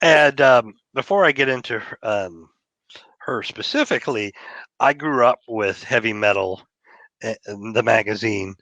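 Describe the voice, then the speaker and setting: A man's voice: medium pitch, expressive, unhurried, bright, forceful tone, no echo, highs cut off. A man from Texas, a comic book writer and guest, talking casually and chattily with lots of fillers. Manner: chatty, laughing, trails off in fillers. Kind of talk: casual interview chat.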